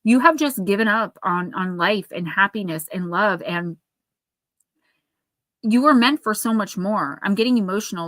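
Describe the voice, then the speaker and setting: A woman reading oracle cards live for her viewers, with a bright, clear tone. She sounds earnest and caring and talks to people by name. The sound is dry and close, with no room echo. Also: medium pitch, normal speed. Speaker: oracle card reader.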